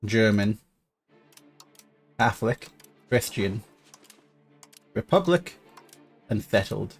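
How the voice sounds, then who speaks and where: A man's voice: on the low side, lively intonation, takes it slowly, slightly rough, faint music behind. A man giving casual let's-play commentary on a strategy game, thinking aloud with fillers and restarts. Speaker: gaming YouTuber.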